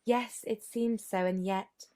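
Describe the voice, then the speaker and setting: A woman voicing a shy young governess who is guarded and sly, speaking hesitantly and softly. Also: medium pitch, steady tone, slow pace, natural voice. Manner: hesitant and soft.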